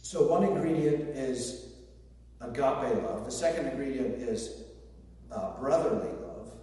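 A pastor delivering a conversational sermon with joking asides, speaking to a congregation. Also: male voice, medium pitch, unhurried, mellow. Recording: very echoey hall, distant mic, faint noise.

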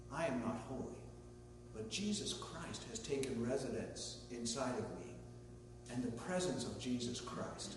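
A man preaching a sermon as a pastor, in a conversational way with story asides and light humor. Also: medium pitch. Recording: echoey hall from far off, faint hum.

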